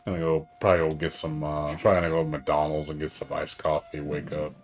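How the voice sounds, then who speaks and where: A man chatting casually on a live game stream, rambling and excitable, swearing often and tired from staying up all night. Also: extremely low pitch, fast.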